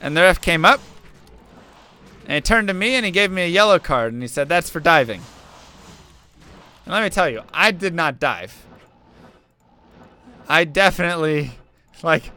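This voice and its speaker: Bright, clear-voiced young male streamer. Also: on the high side. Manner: earnest storytelling, musing aloud between game remarks. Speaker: game streamer. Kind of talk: casual chat while playing.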